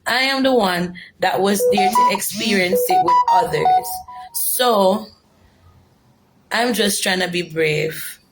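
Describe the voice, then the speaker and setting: A woman's voice: medium pitch, takes it slowly, loud music behind the voice. A young Jamaican woman giving an earnest, emotional personal testimony, repeating herself for emphasis. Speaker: former detainee telling her story.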